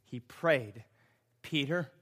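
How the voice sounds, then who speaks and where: Male pastor, bright tone, emphatic repetitive sermon delivery that rises to loud impassioned peaks. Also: medium pitch, extremely slow. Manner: preaching, swells to loud impassioned climaxes.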